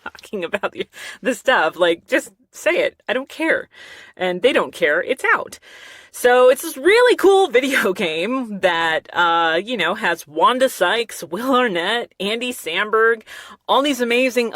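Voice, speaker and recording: A woman hosting a casual solo podcast, catching listeners up in an animated, laughing way. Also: medium pitch, dry recording, studio quality. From half Mexican. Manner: animated storytelling with frequent laughs. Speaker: podcast host. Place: small recording studio. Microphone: studio microphone.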